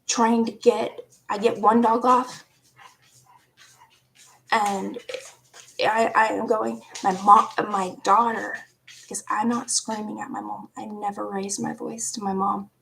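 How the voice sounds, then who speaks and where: A woman around forty casually telling a personal story, animated, laughing often and dropping into hushed asides. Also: medium pitch, slow, gravelly, pauses often, slight background noise. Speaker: vlogger.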